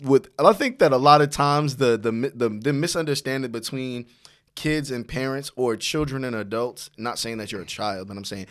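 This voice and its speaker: A young man co-hosting a podcast in casual chat, listening with frequent affirmations and then reflecting in a relaxed way. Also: mid-range voice, normal speed. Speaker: podcast co-host.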